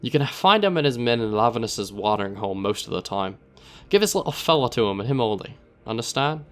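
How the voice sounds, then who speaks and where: A man voicing a shifty, wary scrap merchant who talks in a rough drawl, calling people "mate.". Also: on the low side, level tone, brisk. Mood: gruff. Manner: rough-edged drawl, says "mate" and "aye".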